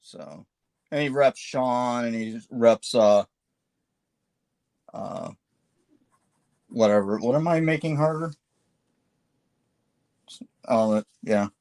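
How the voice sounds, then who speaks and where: A man's voice: medium pitch, takes it slowly, long pauses, darkish tone, no room sound. A man hosting a live painting stream, chatting casually while he sketches, with lots of fillers and self-deprecating asides.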